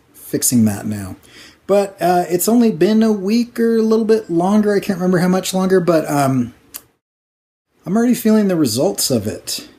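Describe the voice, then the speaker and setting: A man's voice: medium pitch, warm tone. A man vlogging casually, out of breath, rambling with lots of fillers. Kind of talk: casual talk while working.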